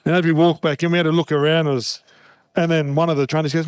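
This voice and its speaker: This is a man in his middle years with a fairly high voice, recorded close and dry. He spins yarns at a live pub show, swearing freely and laughing through his punchlines. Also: level tone, fast talker, smooth, no echo. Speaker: guest, former rugby league captain. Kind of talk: casual storytelling at a live show.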